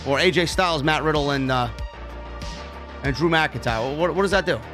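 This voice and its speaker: A man hosting a live stream, his voice sitting a bit high for a man. He reads viewer donations aloud and answers them with offhand, swear-laced chatter. Faint guitar music plays underneath. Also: moderate pace. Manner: casual, profane, reads donor messages aloud. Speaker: show host reading super chats. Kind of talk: casual live-stream chat.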